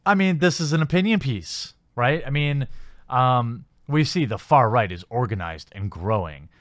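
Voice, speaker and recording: A man's voice: medium pitch, animated, moderate pace, fairly bright tone, dry recording, studio quality. A man hosting a commentary channel, reading news articles aloud and picking them apart with sarcastic, skeptical remarks and many fillers.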